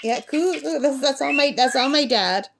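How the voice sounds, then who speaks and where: Chatty middle-aged woman vlogging at a campsite, slightly high voice, faint background noise. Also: normal speed, a bit bright. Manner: chatty, reads out number codes, coos at her parrot. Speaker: craft vlogger. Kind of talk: casual chat while crafting.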